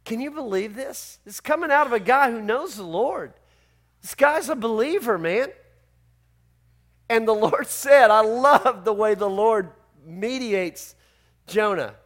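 A man's voice: very high-pitched, unhurried, fairly bright tone. A man preaching a sermon as pastor, conversational and emphatic, full of rhetorical questions to his church.

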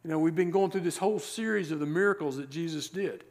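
A male pastor preaching a sermon, reading scripture verses and explaining them with rhetorical questions and slowed, stressed words. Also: a little high, a little mellow. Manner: emphatic, slows down to stress key words.

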